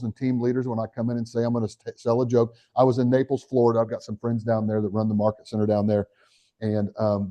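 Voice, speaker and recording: A middle-aged man giving a live real estate training, energetic and talking straight to the audience with questions. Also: lowish voice, lo-fi sound. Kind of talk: live motivational training talk.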